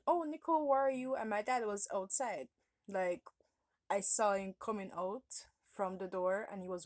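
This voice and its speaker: A woman's voice: mid-range voice, dry recording. A woman vlogger telling a personal story in a casual, rambling way, often stopping to correct herself.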